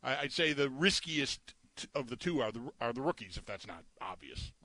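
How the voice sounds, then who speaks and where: Very animated, with a bright, forceful tone, a man co-hosts a sports betting talk show at medium pitch and moderate pace. His chat is casual and rambling, full of stammers and restarts.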